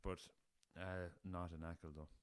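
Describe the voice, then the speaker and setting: Low-voiced, chatty Irish man. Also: little pitch movement, normal speed, clean tone, no room sound. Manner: chatty rambling storyteller, swears freely. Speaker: podcast host. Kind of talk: casual solo podcast chat. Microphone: laptop.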